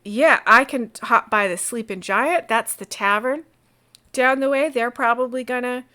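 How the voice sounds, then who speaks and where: A cheerful middle-aged innkeeper and brewer, put on by a woman game master, bubbling over with thanks. He tumbles over his own words in his excitement, in a fairly high voice, for a tabletop role-playing game. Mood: grateful. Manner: excited, hurried, stumbling restarts.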